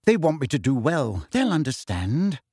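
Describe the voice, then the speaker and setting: A man voicing a clever, bossy teenage witch who talks briskly and impatiently. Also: fairly high pitch, wildly swooping pitch, a little mellow, slightly rough, no echo, studio quality, heavily acted.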